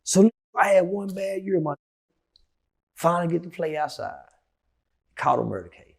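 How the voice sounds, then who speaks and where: A middle-aged man telling a story as an interview guest, profane and heated, dropping to low mutters and then shouting. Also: expressive, moderate pace, gravelly, husky.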